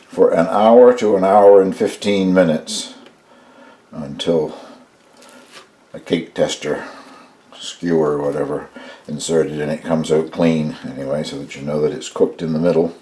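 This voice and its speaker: A man's voice: low-pitched, steady tone, a little slow, mellow. An older man casually talking through baking a loaf at home, tasting it and commenting as he goes. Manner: easygoing, chatty, tastes and comments as he goes. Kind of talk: casual cooking demonstration.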